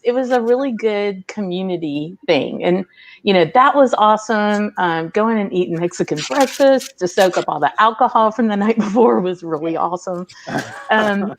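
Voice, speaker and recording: Chatty woman telling a story. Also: mid-range voice. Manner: chatty storytelling with laughs and fillers. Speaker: guest on a live video hangout. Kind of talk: casual chat.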